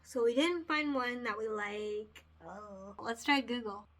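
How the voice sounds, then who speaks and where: Bright, giggly woman vlogger. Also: on the high side, slow pace. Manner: chatty, giggly and emotional. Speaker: picture book author. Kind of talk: casual vlog chat.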